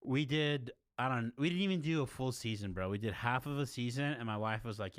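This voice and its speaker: A man's voice: medium pitch, fairly quick, no room sound, clean studio sound. A young man from chatting casually with his stream viewers, rambling and laid-back, often calling them dude and bro.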